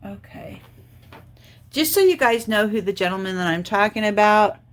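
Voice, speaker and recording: A woman's voice: mid-range voice, animated, normal speed. A middle-aged woman hosting a crafting channel, chatting casually and rambling as she thinks aloud while she works on a diamond painting.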